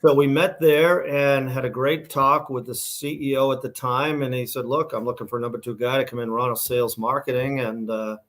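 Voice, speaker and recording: A middle-aged man with a Boston accent talks as an interview guest. He tells his stories in a loose, rambling way, full of fillers and restarts, at an everyday mid pitch. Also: fairly even intonation, brisk, few pauses, fairly bright tone. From Massachusetts, USA. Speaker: guest, shoe company founder. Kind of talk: casual storytelling interview.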